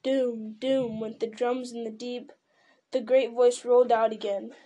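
A woman's voice: on the high side, little pitch movement, moderate pace, mellow. A woman reading a fantasy novel aloud in dramatic storytelling style, with occasional slips and restarts. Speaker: reader.

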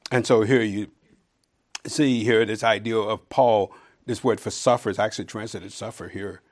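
Speaking in a fairly low register at a normal pace with mostly even intonation, this man delivers a chatty Bible lesson. Scripture readings swell into loud emphasis, and he drops in the occasional dry, sarcastic remark.

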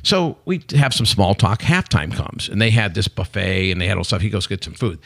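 Brief: middle-aged male podcast guest, rapid animated anecdotes, gravelly low voice. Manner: animated storyteller, acts out quotes, says "okay" a lot. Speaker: podcast guest, company CEO. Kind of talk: casual chat, animated storytelling.

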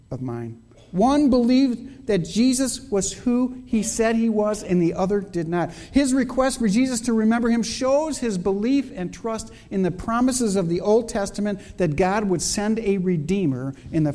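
A man preaching a sermon as a pastor, measured and emphatic, posing rhetorical questions to his congregation. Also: high-pitched, warm tone. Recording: long reverb of a hall.

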